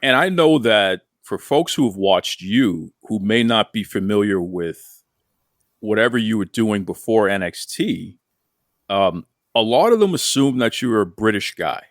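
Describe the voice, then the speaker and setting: A man's voice: on the low side, lively intonation, measured pace, no echo, clean studio sound. A man hosting a wrestling interview show, asking questions in a playful, teasing way. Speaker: podcast host.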